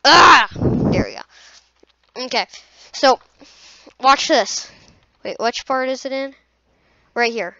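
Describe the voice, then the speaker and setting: A woman's voice: high-pitched, lively intonation, takes it slowly, pauses often, bright, forceful tone, dry recording. A woman YouTuber giving goofy, playful reaction commentary, teasing and mock-challenging her viewers. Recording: dull lo-fi sound.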